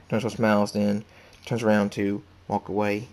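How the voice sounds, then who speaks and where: A man narrating his own fan fiction in a low voice. The delivery is flat and plain, with small restarts. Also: normal speed. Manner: plain, even reading with restarts. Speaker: storyteller.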